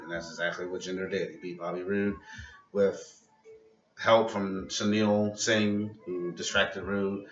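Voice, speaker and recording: A man's voice: deep voice, fairly even intonation, a little slow, a little hiss or hum. A man giving a casual, opinionated vlog review of a wrestling show, ranting and critical. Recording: dull lo-fi sound in a roomy space from a distant mic.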